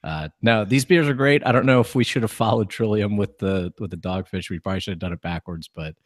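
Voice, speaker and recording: Laid-back low-voiced Philly man. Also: fast, no echo, studio quality. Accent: Philadelphia. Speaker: podcast co-host. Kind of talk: casual beer review chat.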